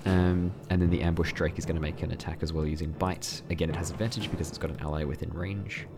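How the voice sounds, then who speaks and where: A man acting as game master, narrating a tabletop game in a relaxed, chatty way and laughing often. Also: low-pitched, fast talker, very noisy.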